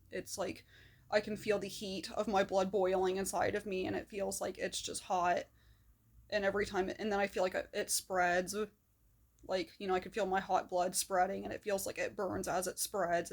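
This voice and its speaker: A woman talking candidly to camera about her own experience, rambling a little, with fillers and soft laughs. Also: medium pitch. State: shaky hands, feeling manic. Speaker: video blogger. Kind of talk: personal talk to camera.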